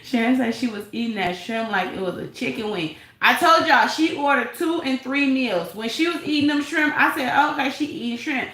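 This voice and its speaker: A woman hosts a live stream, reading out the chat and gossiping with sass and frequent laughter. Her voice sits a little high and sounds bright and sharp. The room around her is echoey. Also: normal speed, hardly any pauses. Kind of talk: casual live chat commentary.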